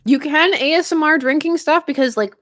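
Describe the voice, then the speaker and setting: A young woman chatting casually with her stream viewers, giggling often and talking in an animated way. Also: high voice, a little fast, dry recording. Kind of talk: casual live-stream chat.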